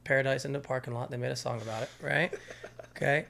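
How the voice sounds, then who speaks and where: A man in his thirties telling a lively story as a podcast guest, often breaking into laughter. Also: medium pitch, fast talker, gravelly. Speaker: podcast guest, former college catcher. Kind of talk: casual storytelling chat.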